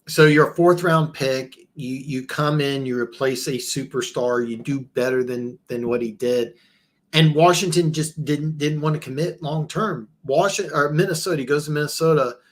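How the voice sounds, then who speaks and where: A man hosting a live football show in a casual, rambling way, with many restarts and stammers, his pitch jumping up when he is incredulous. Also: a bit bright. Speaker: podcast host.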